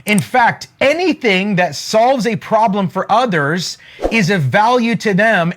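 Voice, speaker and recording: A man giving an energetic motivational talk to a live chat, emphatic, repeating his key lines and asking viewers to answer. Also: high-pitched. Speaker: online money-mindset teacher.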